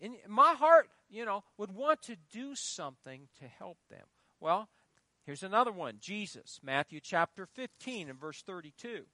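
A man's voice: high-pitched, sing-song, normal speed, sharp tone, no room sound. A middle-aged male pastor preaching a sermon with emphasis, prompting the congregation to call out the missing words. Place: church.

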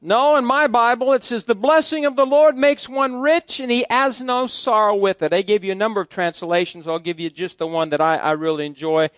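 Male pastor, middle-aged, folksy preacher, high-pitched voice, dry close mic. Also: steady tone, brisk, hardly any pauses, fairly bright tone, no echo. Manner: folksy, joking asides to the congregation. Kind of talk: sermon.

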